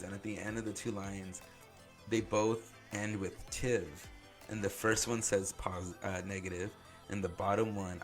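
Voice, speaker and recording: Low-voiced man telling his story. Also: vocal fry. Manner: loose conversational, heavy use of "like". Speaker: podcast host. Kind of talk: personal storytelling.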